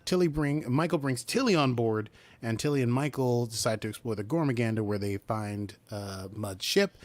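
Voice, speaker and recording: A man co-hosting a podcast, recapping a TV episode in casual chat and acting out the characters' lines as he goes. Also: medium pitch. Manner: animated, acts out character lines while recapping. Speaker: podcast co-host.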